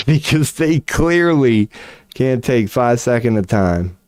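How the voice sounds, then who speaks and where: A man's voice: mid-range voice, animated, takes it slowly, darkish tone, no room sound, studio quality. A man streaming, giving casual ranting commentary, profane and incredulous, laughing often.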